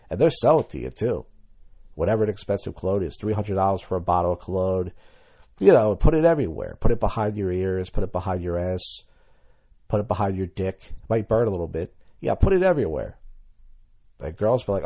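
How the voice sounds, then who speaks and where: Man, young adult, podcast host, crude rambling monologue, deep mellow tone. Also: lively intonation, fast. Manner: crude rambling storytelling, mimics girls in quoted lines. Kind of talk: comedic monologue.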